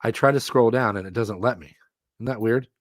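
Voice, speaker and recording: A middle-aged man hosting a live stream, commentating a fantasy football auction, excitable and quick to laugh at himself. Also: mid-range voice, dry recording, studio quality. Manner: excitable, self-mocking, laughs often.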